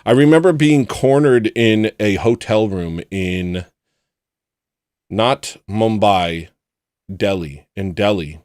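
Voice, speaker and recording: Deep-voiced man telling a rambling story. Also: takes it slowly, clean tone, dry recording, clean studio sound. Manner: rambling, acts out quoted people in loud put-on voices. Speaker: livestream host. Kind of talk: casual personal storytelling.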